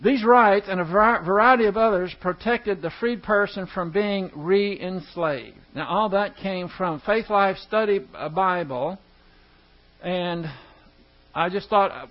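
A high-pitched man leads a Bible study, stumbling over words and starting them over as he explains a verse. He puts questions to his listeners as he goes. The recording sounds dull and muffled. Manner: halting, stumbles and restarts words; asks the class rhetorical questions. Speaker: Bible teacher. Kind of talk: evening Bible study teaching.

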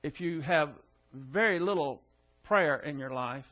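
Man, pastor, verse-by-verse Bible teaching, high voice, dull lo-fi recording. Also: measured pace. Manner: methodical, explains Greek word order.

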